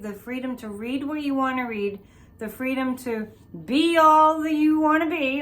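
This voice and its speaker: A woman's voice: high voice, normal speed, fairly bright tone. A woman hosting a psychic show, chatting loosely through a tarot reading with many restarts and asides. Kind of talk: casual tarot reading commentary.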